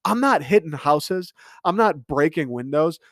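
A man's voice: a little high, animated, measured pace, no room sound, clean studio sound. A man telling a story in a casual comedic rant, exasperated and swearing freely as he talks.

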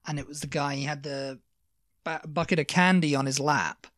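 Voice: medium pitch, steady tone, normal speed, fairly bright tone, no echo, studio quality. A British co-host in a casual chat, telling stories with many fillers. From Britain. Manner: rambling storyteller, many you-knows, acts out quotes.

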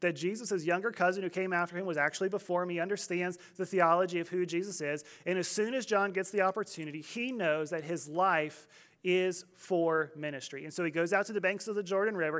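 Pastor type, man, high voice, chatty sermon with light humor. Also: fairly bright tone. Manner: conversational storytelling with humor.

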